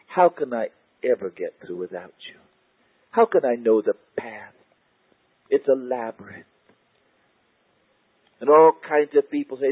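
A man preaching and praying slowly, with a husky voice that often sinks to a hush. He repeats his phrases in a prayerful way. The sound is tinny and narrow, like an old lo-fi tape. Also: mid-range voice, expressive, dry recording. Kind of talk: sermon and spoken prayer. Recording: tinny, narrow-band lo-fi recording.

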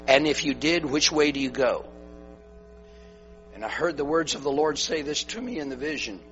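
A man preaching a sermon, moving from loud exhortation to hushed, quiet storytelling. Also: mid-range voice. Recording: dull lo-fi recording with faint music and mains hum.

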